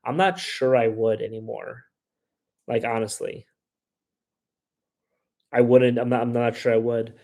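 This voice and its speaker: Guy hosting a travel livestream, rambly casual chat, tons of "like", mid pitch. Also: a little slow, gravelly, pauses often, darkish tone. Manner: rambling, frequent "like" and "you know what I mean", puts on voices when quoting people. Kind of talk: casual livestream chat reading viewer questions.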